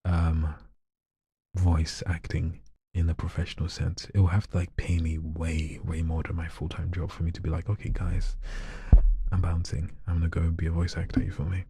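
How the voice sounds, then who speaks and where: A man chatting casually on a live stream, soft-spoken and shy, often slipping into whispers. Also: low voice, monotone, moderate pace, slight background noise. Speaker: live streamer and hobby voice artist.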